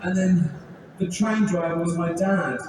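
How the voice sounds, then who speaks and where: An English man in his sixties performs stand-up, his slightly high voice bouncing around a vast echoing arena with a long tail of reverb. He sounds a little distant from the mic, with faint ambience behind him. He laughs through his own lines, swears freely and plays both sides of each exchange. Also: measured pace, very noisy. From England. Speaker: stand-up comedian. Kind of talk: stand-up comedy set. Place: large arena. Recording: echoey arena sound from far off.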